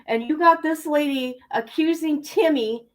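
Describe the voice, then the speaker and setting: A woman's voice: high voice, a little slow, rough recording. A woman hosting a true-crime livestream, talking indignantly and directly to her viewers. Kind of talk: heated livestream commentary.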